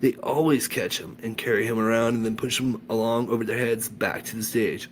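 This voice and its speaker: A man's voice: mid-range voice, steady tone, a little fast, few pauses, a little hiss or hum. Enthusiastic man reading a story aloud. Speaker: audiobook reader. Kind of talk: reading a children's novel aloud.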